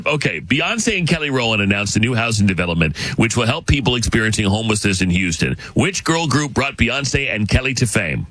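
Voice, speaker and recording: A man's voice: medium pitch, lively intonation, a little fast, hardly any pauses, a bit bright. A man hosting a morning radio quiz, joking and encouraging the caller. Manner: jokey, encouraging, laughs a lot. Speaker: radio show host.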